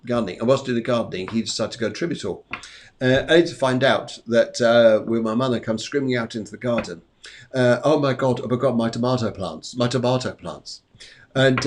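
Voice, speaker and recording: A man's voice: medium pitch, brisk, a little hiss or hum. A man hosting a live psychic medium show, chatting casually and rambling, often repeating his phrases. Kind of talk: live-streamed casual chat and readings. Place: indoors at home during a storm.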